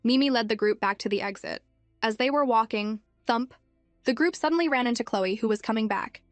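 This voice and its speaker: A woman narrates a story in a steady, scripted storytelling manner. Her voice sits a little high and is recorded close and dry, with soft background music. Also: brisk, no echo.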